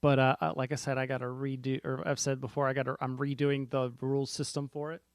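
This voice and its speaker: A man's voice: medium pitch, little pitch movement, quick pace, dry recording, studio quality. A man co-hosting a casual board game podcast, rambling and often restarting his sentences. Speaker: podcast co-host.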